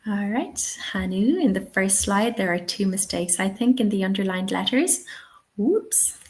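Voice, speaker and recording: A woman's voice: medium pitch, normal speed, a little mellow, rough recording. A young Irish woman running a live teaching webinar, answering chat questions in a chatty, upbeat way. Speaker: TEFL webinar trainer.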